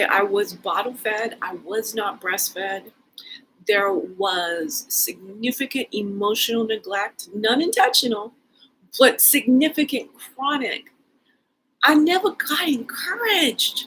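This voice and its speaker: Woman, solo vlog monologue, unhurried and excitable, wandering delivery with quiet trailing asides; voice sits a bit high. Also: slight background noise, poor audio. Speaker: posture and movement educator. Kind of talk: solo stream-of-consciousness video monologue.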